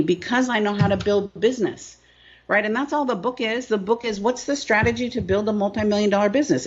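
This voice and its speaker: A middle-aged woman speaks at a medium pitch, emphatic and repetitive as she tells her story in an interview. Her voice comes through slightly dull and lo-fi, like a remote video call. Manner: emphatic and repetitive, keeps asking "right?". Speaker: business coach.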